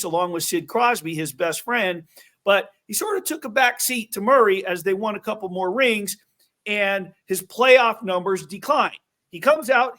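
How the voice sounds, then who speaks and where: A man hosting an interview, telling stories in an animated way with quick asides. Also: high voice. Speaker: host. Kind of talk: casual interview chat.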